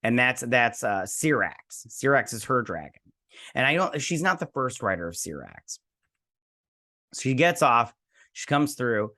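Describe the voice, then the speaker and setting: A man's voice: medium pitch, very animated, a little slow, pushed and bright. A man hosting a TV review show, recapping an episode in a rambling, enthusiastic way with lots of fillers and restarts.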